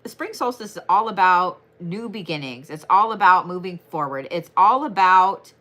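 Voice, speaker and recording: A young woman reads tarot for the zodiac signs in a casual, rapid-fire way. Her voice is bright and forceful, with blunt, swear-laden delivery. She barely stops for breath between thoughts. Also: fairly low pitch, expressive. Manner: fast-talking, blunt, swears freely. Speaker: tarot reader. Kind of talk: casual astrology tarot reading.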